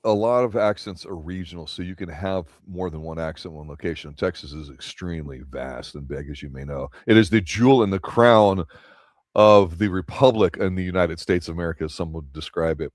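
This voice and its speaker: A man's voice: sits low, dry recording, studio quality. A male host reviewing a TV episode in casual chat, opinionated and ranting animatedly. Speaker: show host.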